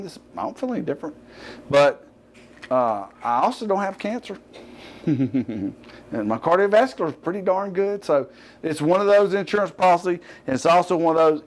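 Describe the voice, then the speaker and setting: A middle-aged Southern man hosts a fitness show in loose, unscripted talk. His voice sits a little high for a man. He rambles, cuts himself off and drops joking asides. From US Gulf Coast.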